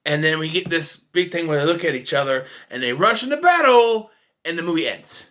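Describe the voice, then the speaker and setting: Animated, ranting male film reviewer. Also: on the high side, brisk. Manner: ranting, profane, jumps into mocking voices. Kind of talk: casual film rant.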